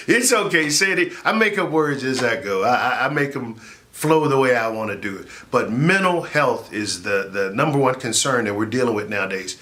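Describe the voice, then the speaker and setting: A man, a comedian and laugh therapist, giving an animated, jokey motivational talk that rises into shouts for effect. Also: medium pitch, normal speed.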